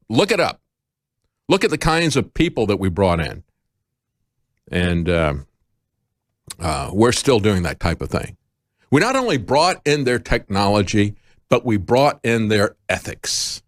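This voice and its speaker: A man's voice: medium pitch, no room sound, studio quality. A middle-aged man hosting a news commentary show, talking in an impassioned, emphatic way that climbs to indignant peaks. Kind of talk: talk radio commentary.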